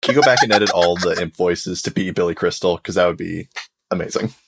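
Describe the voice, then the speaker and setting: A man co-hosts a tabletop game podcast, playful in chat and rattling off the show's plugs. His voice is low with a gravelly edge. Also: quick pace, fairly bright tone. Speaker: podcast player and co-host. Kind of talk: casual chat and show plugs.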